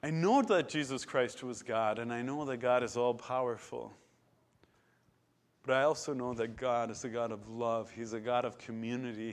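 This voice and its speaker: A preacher delivering a sermon in an ordinary mid-pitched male voice. He tells the story with drama, rising to loud declarations and then dropping to hushed, quiet passages.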